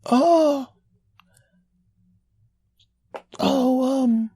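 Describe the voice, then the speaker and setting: A man voicing a furious male truck driver who sputters strings of bleeped curses in a shrill voice. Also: drawn-out words, dark tone, slight background noise, exaggerated voice. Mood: sheepish.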